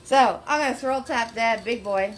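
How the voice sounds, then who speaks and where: A woman's voice: on the high side, normal speed, slight background noise. A woman leading a live online painting class from her home, chatty and encouraging, laughing often and greeting viewers by name. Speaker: paint party instructor. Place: her home studio, indoors. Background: faint background music.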